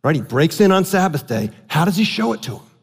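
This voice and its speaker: A man preaching a sermon as pastor, animated and asking his congregation questions. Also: a little high, fairly quick, slightly rough. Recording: long hall reverb.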